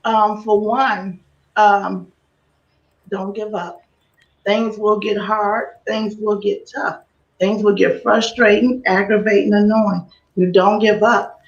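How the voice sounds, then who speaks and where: A woman guest YouTuber in a casual interview chat, laughing easily and speaking earnestly. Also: mid-range voice. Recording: roomy, dull remote audio.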